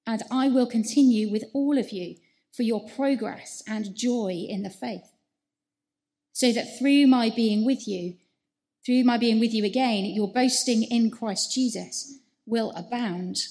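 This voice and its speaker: A woman leading a church service, reading scripture and praying in a measured, earnest voice. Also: fairly high pitch, a little mellow. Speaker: service leader.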